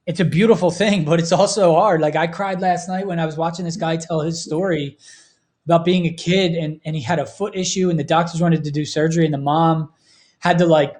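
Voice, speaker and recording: A man's voice: on the high side, darkish tone. A man in his thirties talking earnestly and emotionally on a casual podcast. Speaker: podcast host.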